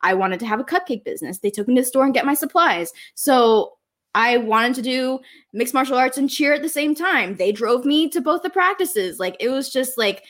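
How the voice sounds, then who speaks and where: A bubbly young woman in her twenties with a fairly high voice, chatting as a guest on an interview show. She laughs often and acts out the people in her stories. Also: lively intonation, normal speed, fairly bright tone. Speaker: guest, social media creator. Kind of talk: casual interview chat.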